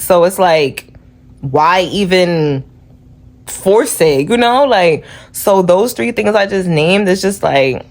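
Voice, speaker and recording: A woman with a New York accent talks straight to her camera in a loose, rambling vlog style. Her voice sits a little low, and she fills her sentences with "like" and "you know" while speaking earnestly. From New York City. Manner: chatty, many "like"s, earnest about faith. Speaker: vlogger. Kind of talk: casual talk to camera.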